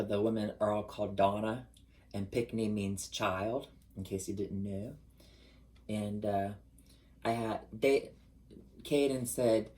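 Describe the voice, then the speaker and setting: A man in a casual, confessional vlog monologue, chatty and expressive, with sudden rises in pitch for emphasis. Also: a little slow, rough recording. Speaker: vlogger.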